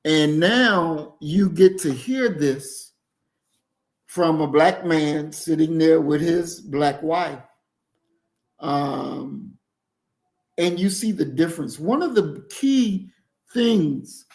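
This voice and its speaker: A man hosting a livestream, commenting on a video clip in a slow, emphatic, preachy way and addressing his chat. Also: on the high side, creaky, a little mellow. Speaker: livestream host.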